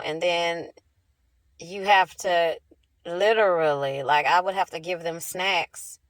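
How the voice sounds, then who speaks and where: A woman's voice: on the low side, no echo. A young adult woman and mother in an emotional personal rant, rambling and repeating herself. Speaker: mother of two.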